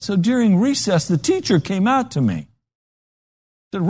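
A man's voice: sits high, measured pace. A man preaching a sermon, telling stories and acting out the voices in them. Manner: animated storytelling with acted-out voices.

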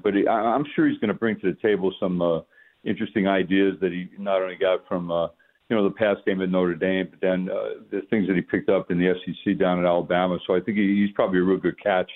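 An older man from the New York area is on the line as a guest on sports radio. His voice sits deep and comes through thin and phone-like. He talks in a halting way, restarting sentences and filling the gaps with "uh" and "you know.". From New York metropolitan area. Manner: halting, many fillers and restarts. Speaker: former NFL coach, radio guest. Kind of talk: casual radio interview.

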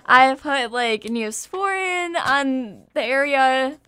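A woman host telling a personal story in casual chat, candid and animated, laughing as she goes. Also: high voice, slow, crowd noise.

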